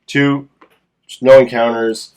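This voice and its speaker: A man's voice: medium pitch, little pitch movement, takes it slowly, a little mellow, clear, resonant tone. A man casually narrating and playing a solo tabletop game as game master, thinking aloud as he rolls dice.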